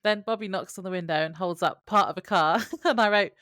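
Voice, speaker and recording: A woman's voice: medium pitch, fairly quick, a bit bright, no room sound, studio quality. A woman co-hosting a podcast who laughs often and reads from her notes in casual chat. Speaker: podcast co-host.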